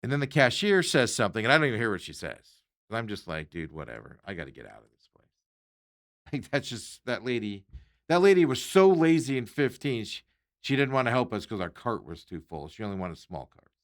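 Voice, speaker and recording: A man's voice: medium pitch, brisk. A man hosting a podcast, telling an everyday story in a casual, exasperated way and acting out the lines of the people in it. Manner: animated, exasperated retelling of an everyday run-in; acts out other people's lines in quotes. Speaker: podcast host.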